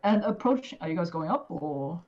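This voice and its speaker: A woman's voice: lowish voice, animated, normal speed, a little mellow. A woman narrating as game master in a casual way, full of fillers. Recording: dull lo-fi audio.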